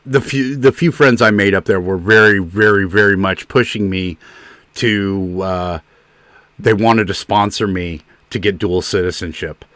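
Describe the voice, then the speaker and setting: A man's voice: lowish voice, fairly even intonation, a little slow, a bit bright, no room sound. A man from the US South hosting a stream, chatting casually and slipping into playful put-on accents. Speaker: streamer host. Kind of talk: casual chat.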